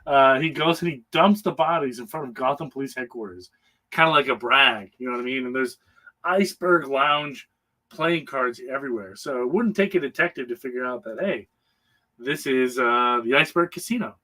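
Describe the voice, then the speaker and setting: A man's voice: mid-range voice, normal speed, sharp tone, low-quality recording. A man on a comic book panel recapping a story in casual, rambling talk, full of hesitations and frequent chuckles.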